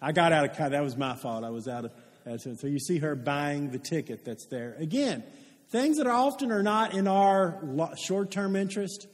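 High-voiced man preaching in a reverberant hall. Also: animated, normal speed. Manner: earnest storytelling, asks the congregation questions. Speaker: pastor. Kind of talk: sermon with storytelling.

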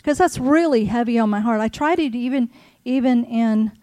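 A woman's voice: a little high, moderate pace, dark tone, no echo. A middle-aged woman giving an earnest, encouraging devotional talk to mothers, repeating her key phrases for emphasis. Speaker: Christian mothers' ministry speaker.

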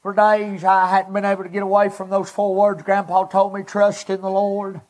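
A man, preaching a personal testimony in earnest, halting, short emotional phrases. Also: sits high, completely flat delivery.

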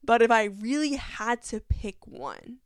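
Gushing young woman, smooth voice. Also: fairly high pitch, big pitch swings, unhurried, dry recording, clean studio sound. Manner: gushing, enthusiastic, lots of fillers. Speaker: podcast host. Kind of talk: casual solo chat.

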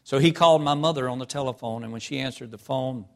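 Gravelly preacher in a reverberant hall. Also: male voice, medium pitch, fast talker. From North Carolina. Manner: emotional, swings from hushed to loud. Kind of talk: sermon with personal stories.

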